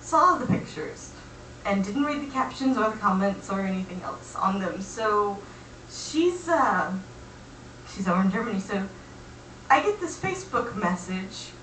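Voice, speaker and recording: A young woman telling a comic personal story in a chatty, animated way, acting out quoted voices. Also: mid-range voice, unhurried, echoey room, recorded from a distance, slight background noise, poor audio.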